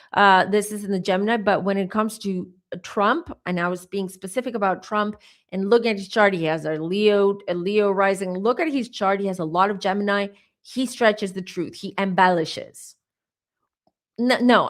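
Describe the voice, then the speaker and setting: A woman tarot reader with a mixed American and British accent, chatting casually with a livestream audience, rambling, often restarting and stumbling over her words. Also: medium pitch. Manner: opinionated, rambling. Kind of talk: casual livestream chat answering comments.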